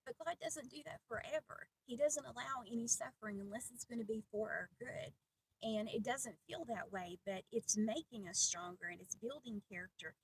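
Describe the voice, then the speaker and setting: A middle-aged woman giving a heartfelt personal devotional talk, earnest and pausing often. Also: a little high, husky, recorded from a distance, rough recording. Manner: earnest, heartfelt, with many pauses and fillers. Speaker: Christian video host.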